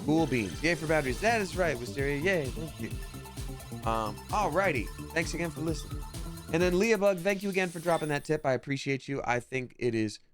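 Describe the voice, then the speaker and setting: A man's voice: fairly high pitch, expressive, fairly quick. A man streaming live while he plays a game, chatting casually and upbeat, using slang and apologizing often. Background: loud game music.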